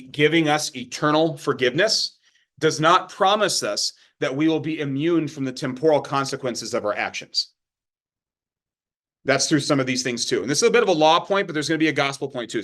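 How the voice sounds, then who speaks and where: A man's voice: a little high, a bit bright. Conversational man teaching a Bible study. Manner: conversational, checks in with the listeners often. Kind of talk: informal sermon teaching.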